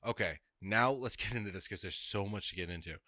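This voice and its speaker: A man's voice: on the low side, fairly quick, bright, forceful tone, dry recording, studio quality. Man ranting hard on a podcast. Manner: profane, heated ranting. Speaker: podcast co-host. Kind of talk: casual podcast rant. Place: home, on a video call.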